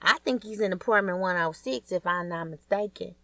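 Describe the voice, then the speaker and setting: A woman reading an audiobook, voicing excited young neighborhood kids who call out and chatter. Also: lowish voice, a little fast, no echo, recorded from a distance. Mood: eager. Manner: shouting, calling out. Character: excited neighborhood kids, boy and girl, eager.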